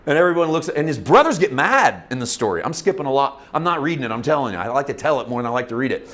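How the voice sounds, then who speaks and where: Animated man retelling a Bible story. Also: mid-range voice, very fast. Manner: informal, animated, laughs often. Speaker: Bible teacher. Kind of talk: casual storytelling Bible lesson.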